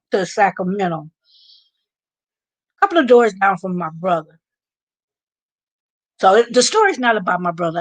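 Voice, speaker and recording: An American woman hosting a live stream, chatting and telling stories with animated asides. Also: medium pitch. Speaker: vlog host. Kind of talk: live stream casual chat.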